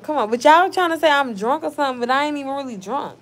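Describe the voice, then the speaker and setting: A woman's voice: high-pitched, animated, fast. Blunt, playful woman streamer. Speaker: livestream host. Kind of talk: casual live chat, reading comments aloud.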